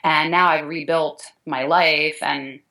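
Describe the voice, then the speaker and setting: A middle-aged woman with a low voice tells her story as an interview guest. She speaks earnestly and with feeling, often restarting her sentences mid-thought. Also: fairly even intonation, slow, sharp tone, poor audio. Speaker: guest, dance teacher. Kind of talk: emotional interview talk.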